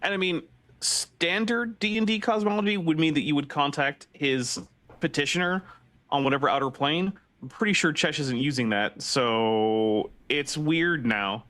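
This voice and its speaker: Guy breaking down game rules, bright sharp voice, a bit high. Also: normal speed, no echo. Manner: explanatory, rules-minded. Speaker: player. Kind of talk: casual tabletop game chat.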